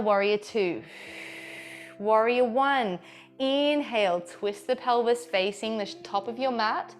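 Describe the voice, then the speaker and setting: A woman leads a flowing yoga class, calling out each breath and pose in a calm, encouraging voice. Her pitch sits in the middle range, and soft music plays faintly behind her. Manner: calm, encouraging cueing with playful asides. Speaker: yoga teacher. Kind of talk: guided yoga class instruction.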